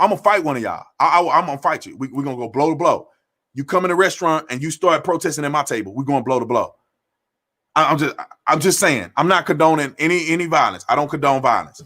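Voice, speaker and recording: A man's voice: high voice, bright, forceful tone. A man giving a heated, combative political rant to camera, blunt and slangy, repeating phrases for emphasis. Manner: slangy, informal speech. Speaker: political commentator.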